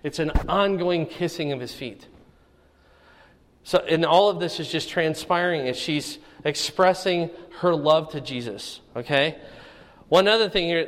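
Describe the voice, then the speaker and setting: Man, Bible teacher, conversational, keeps asking okay, slightly high voice, reverberant room. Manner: conversational, checks in with "okay?" often.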